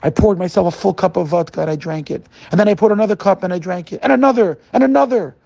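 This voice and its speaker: A man's voice: sits high, steady tone, fast, vocal fry, mellow, no echo, lo-fi sound. A man voicing a remorseful, middle-aged man who confesses his wrongdoing to a rabbi and pleads for forgiveness. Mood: ashamed. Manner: pleading, emotional.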